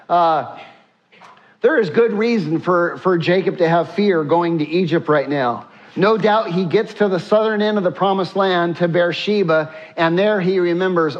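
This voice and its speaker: Male pastor preaching a sermon, slightly high voice, dull lo-fi recording. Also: normal speed. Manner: animated preaching, leads congregation in reading.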